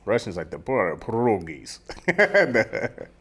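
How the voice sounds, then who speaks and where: Joking young man with a lively voice. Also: mid-range voice. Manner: joking, shouts out viewers, quick wisecracks. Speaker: podcast co-host. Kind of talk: casual chat.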